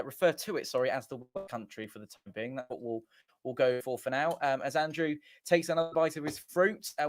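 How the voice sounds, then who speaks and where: A man with a voice on the high side hosts a fan watchalong from a small home studio, with no room sound on the recording. His live match commentary is casual, chatty and rambling, and he often corrects himself.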